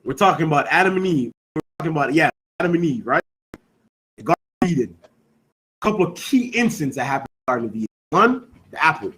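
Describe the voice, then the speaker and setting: A man's somewhat high, fairly bright voice moves fast and sing-song as he teaches scripture, heard on a low-quality recording. He quizzes students with repeated questions, emphatically stressing key words in a call-and-response manner, and often says "you know what I'm saying."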